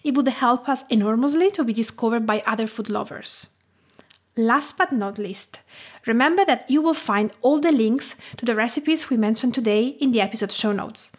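A woman's voice: a little high, normal speed, husky. A woman from Tuscany with an Italian accent, hosting a cooking podcast in scripted narration that lingers on food details. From Tuscany, Italy. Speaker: podcast host.

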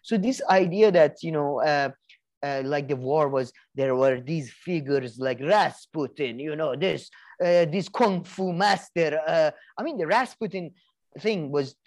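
A man's voice: on the high side, a little slow. Rambling man with many restarts. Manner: rambling, many restarts and fillers, swears casually. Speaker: podcast co-host. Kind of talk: casual chat.

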